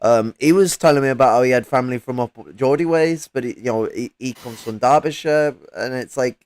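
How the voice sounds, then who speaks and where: A man talks in loose, rambling casual chat, swearing and laughing as he goes. His voice sits at an ordinary pitch. The sound is dry and close to the mic. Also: brisk, a little mellow, clean tone, no echo, poor audio. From English Midlands.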